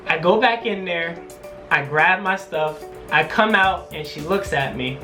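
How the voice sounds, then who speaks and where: Man, vlogger, storytime, animated, bright forceful voice, faint music behind. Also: high-pitched, normal speed. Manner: animated storytelling with acted-out quotes. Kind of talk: storytime vlog.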